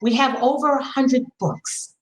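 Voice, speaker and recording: A middle-aged woman speaking as a podcast guest and sex educator, frank and animated, coaching listeners with a string of rhetorical questions. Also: sits high, unhurried, reverberant, a little hiss or hum, poor audio. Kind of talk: podcast conversation.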